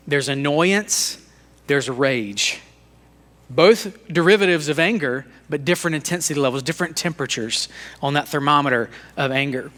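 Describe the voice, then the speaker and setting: Man in his thirties, bright and forward tone, casual live teacher who acts out little family scenes. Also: fairly high pitch. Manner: conversational, acts out talks with his young son. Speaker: speaker at a church leadership talk. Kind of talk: live teaching talk to an audience.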